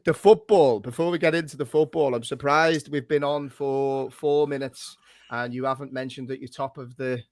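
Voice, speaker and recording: Podcast host, teasing, leads the talk, dry close sound. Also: male voice, medium pitch, fairly even intonation, moderate pace, darkish tone, no echo. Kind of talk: casual chat.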